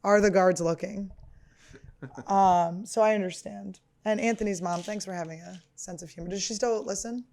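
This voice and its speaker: A woman's voice: mid-range voice, fairly quick, hardly any pauses, mellow. A woman in her thirties hosting a podcast, riffing through a casual comedic monologue in a crude, rambling, profane and self-mocking way. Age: 30s.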